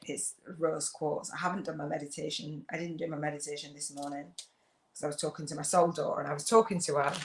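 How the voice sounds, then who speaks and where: A woman's voice: low-pitched, little pitch movement, fast, roomy sound, noisy background. A woman hosting a casual livestream, rambling and reflective as she reads viewer comments, with many fillers and restarts. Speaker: host of a spiritual business channel.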